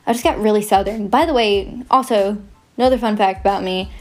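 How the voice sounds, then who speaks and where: A woman's voice: medium pitch, brisk, darkish tone, faint music behind. A young woman hosting her podcast, chatting in a rambling, goofy, self-mocking way. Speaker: podcast host. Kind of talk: casual rambling chat.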